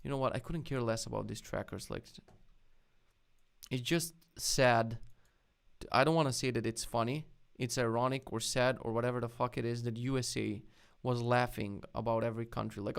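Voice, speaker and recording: A man's voice: medium pitch, fairly even intonation, normal speed, vocal fry, clean tone. A man casually live-streaming as he reviews web projects, blunt and mocking, swearing freely. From lives in Poland.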